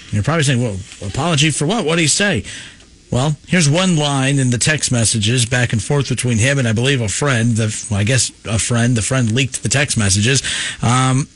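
A man hosting a sports radio show, moving briskly between segments in an upbeat, announcer-like way. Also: mid-range voice, fairly bright tone, slightly rough. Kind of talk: radio host segue.

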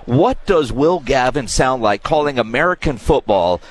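Lively-voiced man hosting a sports show. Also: medium pitch, normal speed. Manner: friendly, teasing questions. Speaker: sports radio host. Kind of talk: casual interview chat.

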